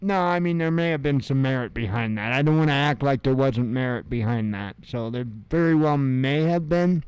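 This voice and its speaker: A man's voice: medium pitch, normal speed, darkish tone, clean tone, dry recording. A man in his fifties hosting an independent news show, reading headlines aloud and adding sarcastic asides and chuckles. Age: 50s. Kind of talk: casual headline reading with commentary.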